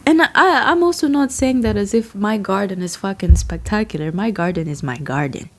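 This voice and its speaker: A woman's voice: mid-range voice, expressive, normal speed. A woman, a tarot reader chatting loosely to her viewers, laughing often and swearing casually as her thoughts drift. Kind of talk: rambling casual chat to camera.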